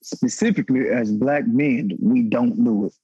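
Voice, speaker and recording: Husky man telling a raw story. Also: normal speed, mellow, no echo, muffled recording. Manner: raw, emotional, profane, pitch climbing when stirred. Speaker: guest, former pro football player. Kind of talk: candid personal story on a podcast panel.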